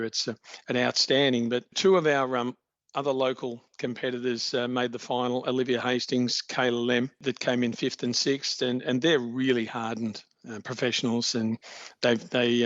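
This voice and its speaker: A man, answering interview questions in a measured, informative way and praising the athletes. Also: mid-range voice, fairly bright tone, no room sound. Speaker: athletics league official guest. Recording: dry, dull-sounding podcast audio.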